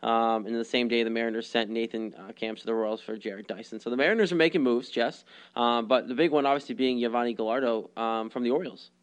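A young man co-hosts a laid-back baseball podcast, speaking at an ordinary mid pitch. He stalls often with ums and breaks into easy laughter. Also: steady tone, fast, clear, resonant tone. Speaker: podcast co-host. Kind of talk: casual sports chat.

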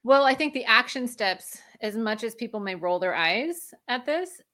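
A woman's voice: fairly high pitch, expressive, normal speed, bright, forceful tone. A woman guest speaking as a functional medicine practitioner, explaining in a conversational way and laughing often. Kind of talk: conversational interview.

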